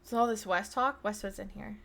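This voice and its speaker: A woman streamer chatting casually with her viewers, excitable and talkative, loudly greeting people in chat. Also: mid-range voice, a little fast, creaky. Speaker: streamer host.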